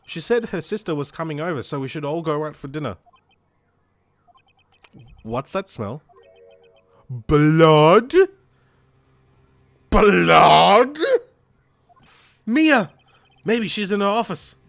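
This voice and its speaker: A man's voice: on the high side, lively intonation, moderate pace, long pauses, no echo, studio quality, natural voice. A man doing a nervous young lawyer. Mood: alarmed. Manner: nervous, alarmed. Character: young male defense lawyer, anxious.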